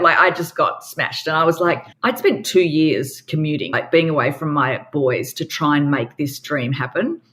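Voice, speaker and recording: A woman's voice: deep voice, moderate pace, hardly any pauses, a bit bright. An Australian woman in her forties, a guest entrepreneur telling her story in a candid, emphatic way and acting out quoted dialogue.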